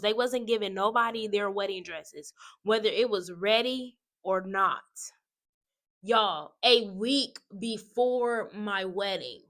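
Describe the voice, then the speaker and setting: A woman telling viewers about her wedding in a casual testimony vlog. She talks straight to them in an animated way. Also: mid-range voice. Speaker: wedding advice vlogger.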